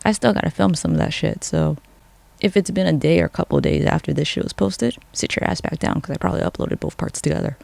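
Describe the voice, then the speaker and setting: Gravelly, sarcastic vlogger swearing constantly. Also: mid-range voice, fast talker, darkish tone, dry recording. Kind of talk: casual profane commentary.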